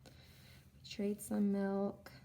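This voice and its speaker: A woman teacher leading a reading lesson for young children, sounding out words slowly and reacting with animated excitement. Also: medium pitch, creaky. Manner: animated, exaggerated excitement with gasps and slow sounding-out.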